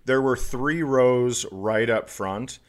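This man, a comedian sharing co-hosting duties on a podcast, spins a story conversationally with frequent restarts and abrupt jolts of enthusiasm. He speaks slowly at a medium pitch.

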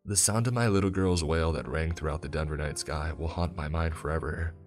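A man narrating a first-person story in a steady, grave manner. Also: rumbling low, fairly quick. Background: faint music.

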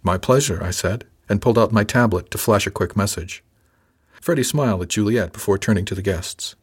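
A man reading a novel aloud in first person with a measured, dry delivery. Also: fairly low pitch, husky. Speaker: audiobook narrator.

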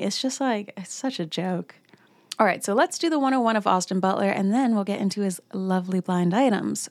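A young woman hosting a casual commentary vlog, ranting in an animated way with lots of swearing and filler words. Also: medium pitch, no echo. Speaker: commentary host.

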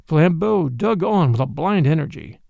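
A man reads a classic mystery aloud with dramatic, expressive storytelling, his pitch sitting a touch high and swinging widely through each sentence. His voice has a gravelly grain, recorded close and dry with no room around it. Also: moderate pace, no room sound, highs cut off. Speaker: narrator. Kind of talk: audiobook reading of a classic mystery.

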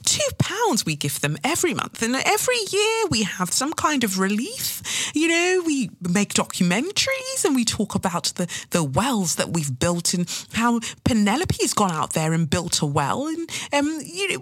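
Woman playing a posh English snob, high drawling voice, affected and condescending, dry sound. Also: fairly bright tone, no room sound, full character voice, poor audio. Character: pompous posh upper-class English snob.

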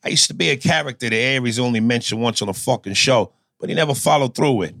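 A man doing a crude, hot-tempered Italian-American heavy with a thick Jersey accent, swearing through every sentence as he rants about rhythm and busting jaws. The sound is dry and close, with no room around it. He keeps up a steady, middle-of-the-road pitch for a grown man. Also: quick pace, vocal fry, no room sound. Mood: ranting. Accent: New Jersey Italian-American. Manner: profane, aggressive, ranting. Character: foul-mouthed Italian-American Jersey thug, male, middle-aged, violent. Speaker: podcast host.

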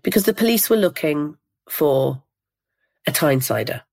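Older woman, from Northeast England, low voice, interviewee, measured reflective storytelling. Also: animated, creaky, a little mellow. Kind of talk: recounting a personal memory.

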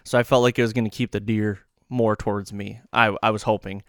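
A man's voice: fairly low pitch, flat delivery, brisk, a bit bright, smooth, no echo, clean studio sound. A man hosting a podcast, telling a long story casually in a rambling, self-correcting, folksy way. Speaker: podcast host.

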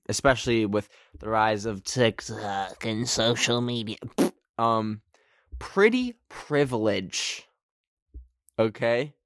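A man's voice: dry recording, studio quality. Rambling man hosting a solo podcast. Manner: rambling, self-mocking, with sudden jumps in pitch. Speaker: podcast host. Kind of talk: casual solo podcast chat. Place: friend's darkened bedroom.

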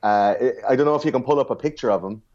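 A man's voice: mid-range voice, very fast, a loud crowd. Irish man, dull lo-fi sound. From Ireland. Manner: loose, rambling, laughs often. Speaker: podcast co-host. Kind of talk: casual chat.

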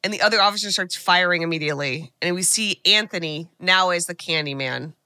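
A woman's voice: fairly low pitch, brisk, bright, forceful tone, clear, resonant tone, no echo. A woman podcast co-host casually retelling a movie plot and chatting. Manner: retells a film plot with quoted voices. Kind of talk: casual chat.

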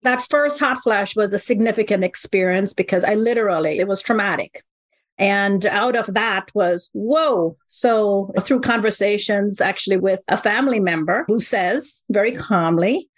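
A woman in her fifties, a company co-founder, telling her story as a guest in an animated, exclamatory way. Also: mid-range voice, normal speed, no echo. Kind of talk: conversational storytelling.

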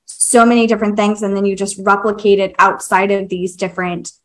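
A woman in casual podcast conversation, blunt and outspoken, who swears freely and pokes fun at herself. Her voice sits at an ordinary middle pitch. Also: steady tone, fairly quick, a bit bright.

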